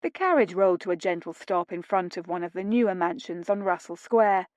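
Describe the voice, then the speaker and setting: A woman's voice: on the low side, lively intonation, brisk, darkish tone, dry recording. Woman narrating a romance audiobook, dry. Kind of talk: scripted narration.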